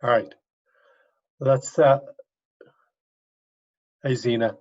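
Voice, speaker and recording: A man's voice: mid-range voice, fairly even intonation, very slow, darkish tone. A male university professor teaching an online class, coaxing students step by step over a video call. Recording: dull lo-fi video call audio.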